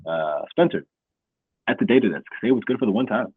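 A man's voice: fairly low pitch, animated, fairly quick, husky, no room sound. A man hosting a casual sports podcast, giving playful hype-man introductions and chatting loosely about football. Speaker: podcast host. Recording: phone-like narrow sound.

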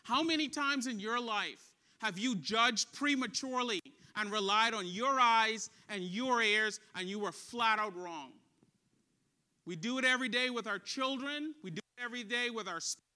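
A man preaching a sermon as pastor, asking the congregation questions and dropping soft and quiet for a story. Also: very high-pitched.

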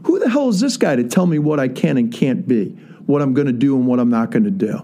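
A man's voice: mid-range voice, very animated, fast, warm tone, slight background noise. A man voicing a tall, confident young athlete who speaks firmly and bluntly. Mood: indignant. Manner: firm, blunt. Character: tall, calm, self-assured young athlete.

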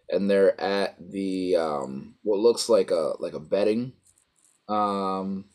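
A man chats casually, retelling a story in a rambling way with plenty of fillers and acted-out quotes. His voice sits on the low side. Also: darkish tone. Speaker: co-host recapping a show. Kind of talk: casual chat.

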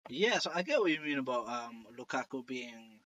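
Young guy on a footy podcast, lots of ums, easygoing, mid-pitched. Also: normal speed, low-quality recording. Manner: relaxed, hesitant with many ums. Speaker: podcast co-host. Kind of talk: casual football chat.

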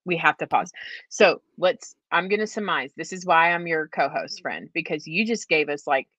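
A woman's voice: sits low, animated, normal speed, a bit bright, no room sound. A woman co-hosting a casual faith podcast, teasing her partner playfully and laughing often. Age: adult with a young daughter. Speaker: podcast co-host.

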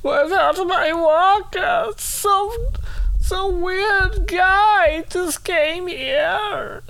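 A man voicing a frail, whiny old granny in a shrill, wailing falsetto, recorded alone in his bedroom at night. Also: very slow, creaky, bright, forceful tone, full character voice. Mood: distressed wailing. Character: frail whiny old granny who lost her walker.

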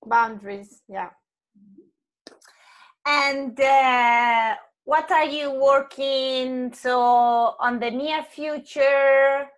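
Slow-talking, high-voiced woman host. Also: fairly bright tone. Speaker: interviewer host. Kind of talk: casual interview chat.

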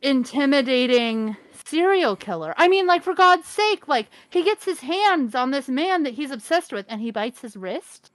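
A woman's voice: high-pitched, animated, moderate pace, hardly any pauses, no room sound. A woman chatting casually about a movie, wry and blunt with casual swearing. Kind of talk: casual movie review chat.

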